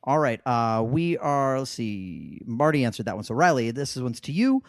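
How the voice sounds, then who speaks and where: A man's voice: medium pitch, sing-song, moderate pace, no echo, clean studio sound. A man hosting a casual podcast trivia game, joking and laughing easily as he reads out the questions. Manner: laughs often, loose and joking. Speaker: trivia quiz host.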